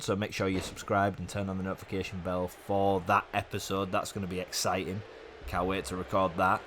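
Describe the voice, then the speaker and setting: A man hosting a gaming video, giving chatty play-by-play commentary that rambles and jumps up with excitement at big moves. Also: on the low side, a little hiss or hum. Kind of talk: casual play-by-play game commentary.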